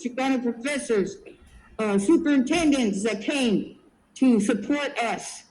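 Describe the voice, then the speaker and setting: Woman, 70s, from California; animated oral-history storyteller. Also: a little high, a little hiss or hum, poor audio. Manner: lively storyteller who acts out quoted voices. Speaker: interviewee.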